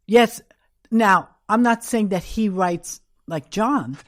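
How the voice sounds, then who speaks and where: An older woman with a New York accent, a guest in an interview, slowly tells candid stories and acts out the quotes in a mid-range voice. The recording is dry and of studio quality.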